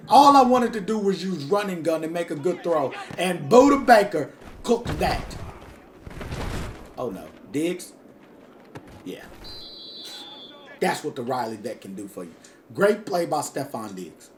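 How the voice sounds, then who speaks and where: A man's voice: fairly high pitch, very animated, unhurried, pauses often, a little hiss or hum. A man doing casual, hyped commentary over his own video game, talking straight to his viewers in slangy speech. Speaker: gaming YouTuber.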